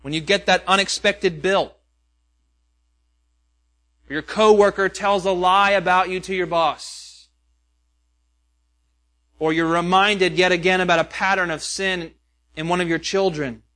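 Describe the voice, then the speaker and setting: A man's voice: high-pitched, fairly even intonation, a little slow, long pauses, bright, forceful tone. A pastor preaching a sermon, earnest and questioning, with many rhetorical questions to his listeners.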